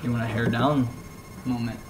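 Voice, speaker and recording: A woman's voice: very deep voice, flat delivery, normal speed, background noise. Playful teasing young woman vlogger. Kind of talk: casual chat.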